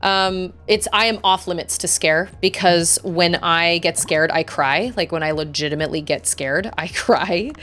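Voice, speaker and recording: A woman in her thirties chats casually while streaming a game, telling family stories and acting out quoted voices. Her lowish voice is a bit bright, moving at normal speed with few pauses over soft background music.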